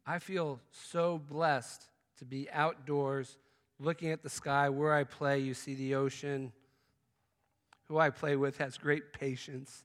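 A man preaches a sermon with a bright, forceful voice. His delivery swings from loud, exclaiming outbursts to soft, intimate asides. The sound carries a long reverb, as in a large hall. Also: mid-range voice, level tone, a little slow. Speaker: pastor.

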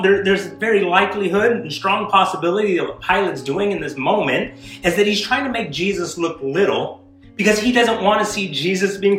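Earnest male pastor, high voice, reverberant room, faint guitar bed. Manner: earnest preaching, rising to emphatic declarations, with repeated restarts. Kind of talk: sermon. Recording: echoey room with soft guitar behind.

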